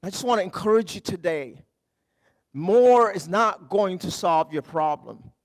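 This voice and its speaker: A middle-aged man preaches a Sunday sermon in a conversational, storytelling way, with a slightly higher pitch than most men. He jokes with the congregation and then drops quiet before pushing loud for emphasis. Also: a little slow. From Canada. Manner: swings from quiet lows to loud emphatic highs. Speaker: pastor.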